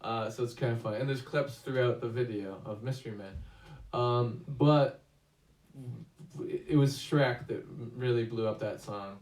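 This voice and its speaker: A man's voice: mid-range voice, moderate pace, a little mellow. Casual male reviewer, rambling delivery full of restarts, recorded far from the mic in an echoey room. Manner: rambling, many fillers and restarts. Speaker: movie review host. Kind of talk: casual movie review chat.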